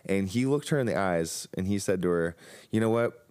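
Young guy with a low smooth voice, rambly story full of ums, dry close mic. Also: expressive, brisk, darkish tone, no room sound. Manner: rambling storyteller with many fillers and restarts. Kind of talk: casual religious chat.

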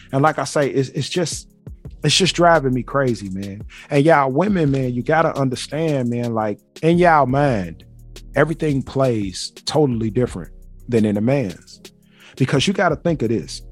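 A man hosting a solo podcast, talking bluntly and emphatically with plenty of swearing. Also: mid-range voice. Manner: blunt, emphatic, profane ranting. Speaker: podcast host.

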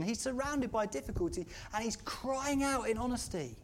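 A preacher delivers a Christmas-season sermon to a church congregation. The delivery is earnest and heartfelt. At its peaks it swells into loud, impassioned outcries. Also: medium pitch, moderate pace, hardly any pauses.

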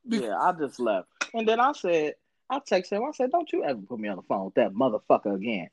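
A man's voice: on the high side, wildly swooping pitch, a little fast, husky, no echo, low-quality recording. A man hosting a casual podcast, telling stories with heavy cursing and acting out the people he quotes. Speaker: podcast host. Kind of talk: casual profane chat.

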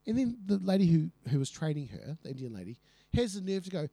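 A man's voice: on the high side, fast talker, creaky, few pauses, no room sound. Man telling stories animatedly. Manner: animated storyteller, acts out quotes. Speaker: podcast co-host. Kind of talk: casual chat, storytelling.

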